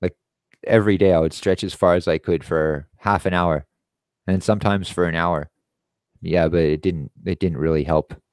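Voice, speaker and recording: A man's voice: sits low, normal speed, dry recording, clean studio sound. A man in his thirties hosting a live stream, telling long profane anecdotes in a rambling casual way and acting out the other people in them. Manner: profane, animated storytelling with quoted voices.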